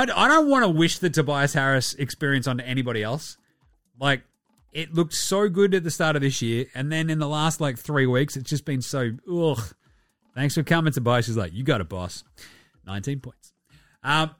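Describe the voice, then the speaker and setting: A man's voice: mid-range voice, lively intonation, moderate pace, a bit bright, no room sound, clean studio sound. An Australian man hosting a basketball podcast, rambling through casual, slangy, profane banter. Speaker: podcast host.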